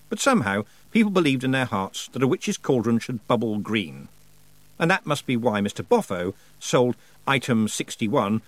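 A male audiobook narrator reading with lively, expressive inflections in a mid-range voice. The sound is close and dry, with no room echo. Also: medium pitch. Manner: expressive storytelling. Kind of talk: scripted narration.

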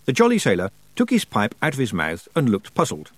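A man narrating a fantasy audiobook with expressive storytelling. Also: mid-range voice, a little fast, no room sound.

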